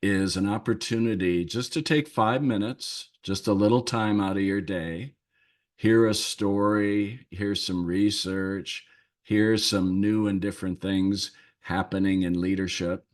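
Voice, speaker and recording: A man hosting a leadership podcast, telling a personal story in a thoughtful, unhurried way with lingering pauses. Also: fairly low pitch, fairly even intonation. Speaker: leadership coach and podcast host.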